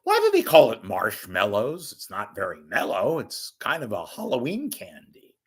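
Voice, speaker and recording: A man's voice: medium pitch, huge pitch swings, normal speed, slightly rough. A man doing an impression of an elderly male TV commentator who keeps musing aloud with wry "why do they" questions.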